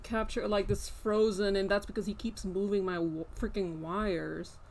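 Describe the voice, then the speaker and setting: A young woman streaming live, chatting casually and rambling with lots of fillers, breaking off to scold her pet with sharp repeated commands. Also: mid-range voice, fairly even intonation, moderate pace.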